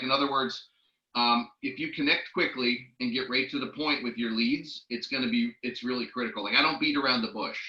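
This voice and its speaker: A man giving a network marketing training talk as a lively storyteller, acting out the people he quotes. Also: medium pitch, reverberant, dull audio. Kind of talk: training talk with personal stories.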